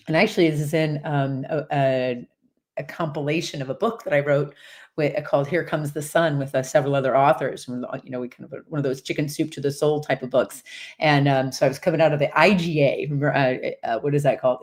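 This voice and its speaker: A woman's voice: low-pitched, fast. Chatty woman in her fifties telling stories. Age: 50s. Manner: rambling and animated, with frequent fillers and laughs. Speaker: horse-based coach and community host. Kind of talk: casual personal storytelling.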